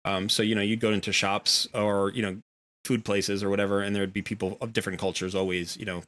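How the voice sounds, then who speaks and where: Here a middle-aged American game-stream host rambles through casual gaming chat, stumbling over fillers and restarts. His voice is on the low side and a bit bright, with little pitch movement and a brisk pace.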